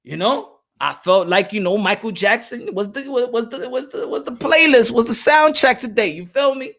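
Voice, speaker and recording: Male live-stream host, high bright voice, playful chat with lots of repeats. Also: lively intonation, moderate pace. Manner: playful, joking, repeats himself. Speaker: boxing podcast host.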